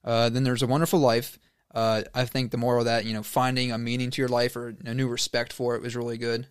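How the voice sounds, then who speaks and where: A man's voice: mid-range voice, level tone, fast talker, clean tone, dry recording, studio quality. A man co-hosting a casual chat, rambling and restarting his sentences often.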